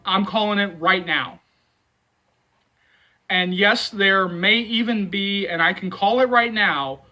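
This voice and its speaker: Man, high bright voice, casual movie vlog, rambling, lots of fillers. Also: poor audio. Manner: rambling, repeats himself, many fillers; emphatic, reassuring fans. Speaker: movie channel host.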